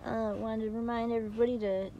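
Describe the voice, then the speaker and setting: A woman hosting a casual vlog about her dog's new litter, chatting on and off and cooing at the puppies in high baby talk. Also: little pitch movement, fast, warm tone, lo-fi sound, a little hiss or hum. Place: beside a whelping area at home.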